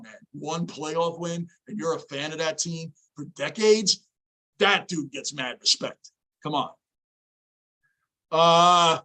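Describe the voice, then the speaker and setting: Hoarse, fired-up New man. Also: fairly high pitch, poor audio. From New York. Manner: energetic, hyped, talks straight to chat. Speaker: livestream host. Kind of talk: casual livestream chat with viewers.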